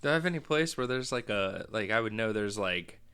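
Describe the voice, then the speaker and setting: A man's voice: lowish voice, lively intonation, a little fast, bright, forceful tone, smooth. A man playing in a casual tabletop game, eagerly describing his character's actions and giggling. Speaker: player.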